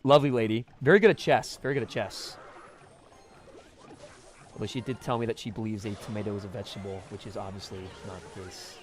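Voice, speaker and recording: A man streaming live, chatting casually with viewers and swinging from mumbled asides to loud, laughing protests. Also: lowish voice, fast, a little hiss or hum.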